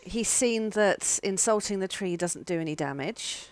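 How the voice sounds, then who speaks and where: A woman, running a tabletop game as game master in a chatty, laughing way. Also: medium pitch. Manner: lively, chatty, quick to laugh.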